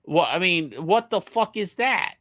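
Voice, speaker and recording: A man telling a casual story in an animated, profane way, with many stammering restarts. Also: high voice, a little slow.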